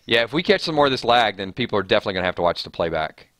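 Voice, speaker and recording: A man's voice: lowish voice, big pitch swings, rapid-fire, fairly bright tone, dry recording, clean studio sound. A man hosting a live stream, chatting casually and reading viewer comments aloud with frequent restarts.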